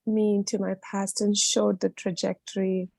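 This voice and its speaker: A woman's voice: medium pitch, flat delivery, normal speed, vocal fry, dark tone, no room sound. A woman sharing an emotional personal story at an online book reading, heartfelt and candid. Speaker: book club participant.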